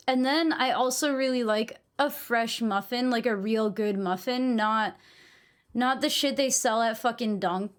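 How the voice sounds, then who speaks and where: A young woman from New England talks casually to her stream chat. Her voice sits a little on the high side, and her manner is blunt and opinionated, with plenty of swearing. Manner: chatty, blunt, swears freely.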